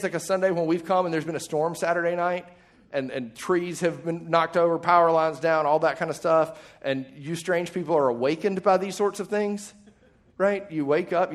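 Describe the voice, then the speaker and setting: A male pastor preaching a sermon in a conversational way, with quick asides and jokes. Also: on the high side.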